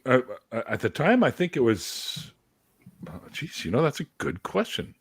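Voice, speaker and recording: A man hosting a casual live chat, telling a story with loud yelled reenactments and lots of swearing. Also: mid-range voice, huge pitch swings, normal speed, breathy edge, no room sound. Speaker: host.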